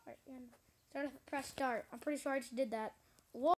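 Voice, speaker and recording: A woman's voice: sits high, fairly even intonation, fairly quick, slight background noise, low-quality recording. A young woman giving gameplay commentary, frustrated and exclamatory, talking to her viewers. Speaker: gaming YouTuber. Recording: game music playing loudly. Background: loud game music.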